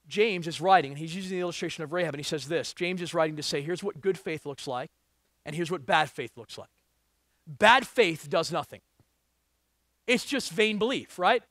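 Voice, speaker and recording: A man's voice: high-pitched, fairly bright tone, no room sound, studio quality. A male pastor preaching a sermon, reading scripture and asking the congregation emphatic rhetorical questions.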